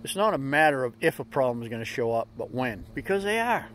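A man's voice: mid-range voice, sing-song, fast, fairly bright tone, a little hiss or hum. A middle-aged man hosting a daily vlog, giving folksy, upbeat motivational talk in plain slang. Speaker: vlog host.

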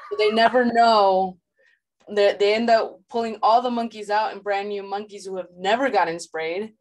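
A woman student in a class discussion, telling an anecdote in a casual, soft-spoken way. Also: medium pitch, steady tone, normal speed, poor audio.

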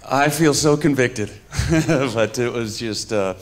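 A man in his fifties from New York, USA, speaks in a mid-range voice at a slow pace, with background noise audible. He preaches a conversational sermon full of humor and stories, addressing a live audience in a church hall.

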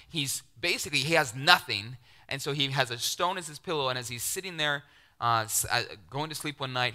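Middle-aged male pastor, animated sermon delivery, very bright and tense tone, dips into hushed asides. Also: mid-range voice. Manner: animated, acts out quoted voices, drops to near-whispers.

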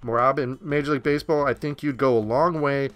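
A man's voice: mid-range voice, steady tone, a little fast, no echo. A young man hosting a solo sports podcast, ranting in a blunt, fired-up and sarcastic way. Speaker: podcast host. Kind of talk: opinionated solo podcast rant.

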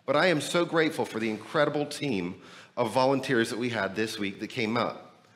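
A man preaching as a pastor, energetic and emphatic, asking rhetorical questions while he is losing his voice. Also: mid-range voice, a little fast. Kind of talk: sermon and church announcements. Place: church building, temporary meeting room.

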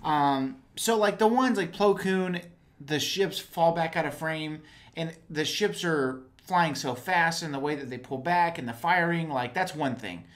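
A man's voice: on the high side, a little slow, fairly bright tone. A man co-hosting a casual fan podcast, talking animatedly and acting out quotes in raised voices. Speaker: podcast co-host.

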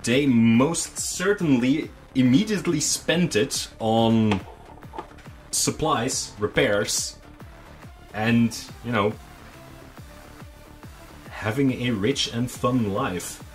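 A man hosting a hobby channel, explaining in a relaxed, casual monologue with frequent ums and restarts. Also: mid-range voice, extremely slow, pauses often, faint music behind. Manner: relaxed, conversational. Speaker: miniature painting channel host.

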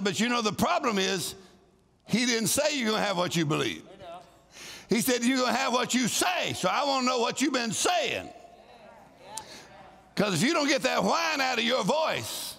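A man preaching a lively sermon to a congregation, calling for responses and shouting scripture. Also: extremely high pitch, moderate pace, vocal fry, long pauses. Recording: live sermon in a large hall with long reverb.

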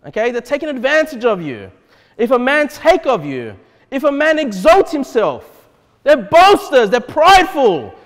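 Male pastor, expressive preaching, wide-ranging pitch, reverberant church sound. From Australia. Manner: animated, repeatedly checks in with "okay?". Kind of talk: expository sermon.

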